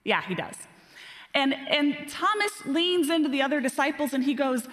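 A woman preaching a sermon, telling self-deprecating stories in an animated way. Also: sits high, moderate pace, slight background noise. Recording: reverberant hall.

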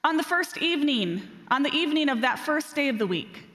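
A woman preaching a sermon, telling self-deprecating stories in an animated way. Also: high voice, a little fast. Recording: reverberant hall.

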